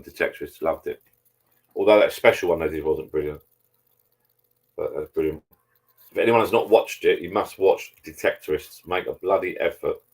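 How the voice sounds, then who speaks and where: Husky low-voiced man chatting. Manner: chatty, meandering, swears casually. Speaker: live-stream host. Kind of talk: casual rambling chat with viewers over beers.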